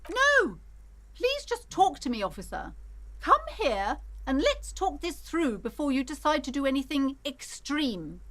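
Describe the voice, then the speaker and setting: A woman's voice: high voice, big pitch swings, unhurried, a bit bright, heavily acted. An actress playing a nervous female shop owner who talks in an anxious, coaxing, insistent way. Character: nervous female bookshop owner, pleading and secretive. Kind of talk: video game voice acting.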